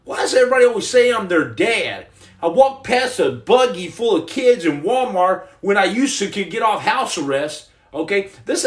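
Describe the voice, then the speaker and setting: Man, high animated voice, rambling comedic livestream host, stammering restarts, echoey room. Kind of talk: comedic live chat reading viewer comments.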